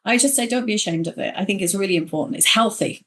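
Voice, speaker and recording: A middle-aged woman hosts a conversational podcast, telling stories with lively energy and slipping into the voices of people she quotes. Her pitch sits in an ordinary middle range for a woman. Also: fast. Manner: animated storyteller, acts out quoted voices. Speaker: podcast host. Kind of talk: casual conversation.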